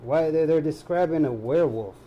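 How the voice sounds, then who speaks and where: A man co-hosting a casual podcast chat, rambling through excited, profane speculation. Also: a little high, a little fast, muffled recording, slight background noise. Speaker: podcast co-host.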